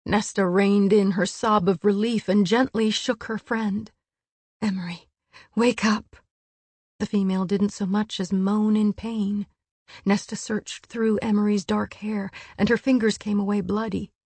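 A woman narrating an audiobook in a hushed, measured storytelling voice. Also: mid-range voice, little pitch movement, dry recording. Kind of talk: scripted narration.

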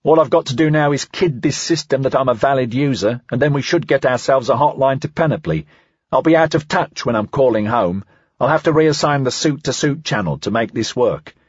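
A man voicing a practical young male deputy who speaks in a calm, gently reminding way in an audiobook. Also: mid-range voice, brisk, slightly rough, dry recording, highs cut off, pitched above the performer's own voice, lightly acted. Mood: steady.

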